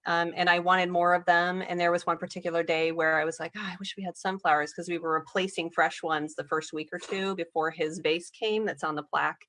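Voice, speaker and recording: A young woman guest on a podcast, talking earnestly and laughing softly as she tells her story. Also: on the low side, flat delivery, fairly quick, hardly any pauses. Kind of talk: casual podcast conversation.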